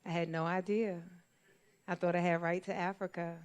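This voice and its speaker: A New York-born woman performing stand-up comedy, telling stories in an animated way and laughing often. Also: fairly low pitch, normal speed, clear, resonant tone. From New York, USA. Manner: animated storytelling with frequent laughs. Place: live show in a church venue.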